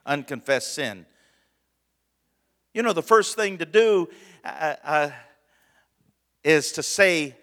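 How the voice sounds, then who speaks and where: A male pastor preaching a sermon in a relaxed, conversational way, asking for amens and chuckling with his congregation. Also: fairly high pitch, unhurried, long pauses. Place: church sanctuary. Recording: long church hall reverb.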